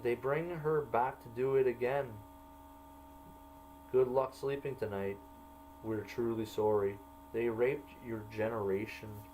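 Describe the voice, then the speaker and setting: A man at a mid pitch reads his own diary entries aloud at an unhurried, deliberate pace. He marks each quoted line aloud with quote and end quote, and a faint electrical hum sits low behind his voice. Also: fairly even intonation, darkish tone, low-quality recording. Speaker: narrator reading his own jail journal.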